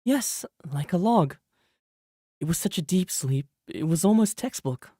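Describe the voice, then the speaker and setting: A man's voice: sits high, animated, a little slow, dark tone, no room sound, clean studio sound, voice pushed up. A man putting on a shy, earnest young woman's voice with a put-on British accent while reading game dialogue aloud. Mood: earnest, polite. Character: shy polite young woman, a kind junior.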